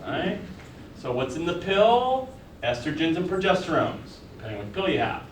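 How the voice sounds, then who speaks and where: A man's voice: a little high, sing-song, moderate pace, recorded from a distance, slight background noise. A man teaching a college biology class, lecturing casually and firing questions at his students. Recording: echoey classroom recorded from afar.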